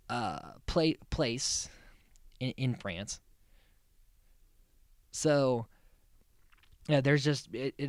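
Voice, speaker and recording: A man's voice: medium pitch, dry recording, clean studio sound. A man hosting a casual recap podcast, rambling and amused, with many restarts and frequent laughs. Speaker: podcast host.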